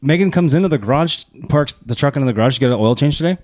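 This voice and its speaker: A man co-hosting a podcast, telling stories in casual chat, profane and animated. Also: a little high. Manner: fast, profane, animated storytelling. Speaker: podcast co-host.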